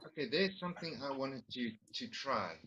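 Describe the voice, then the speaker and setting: A man's voice: medium pitch, animated, moderate pace, bright, forceful tone, lo-fi sound, slight background noise. A man playing a tabletop game, rambling and restarting as he explains the rules. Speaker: player. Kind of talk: casual tabletop game chat.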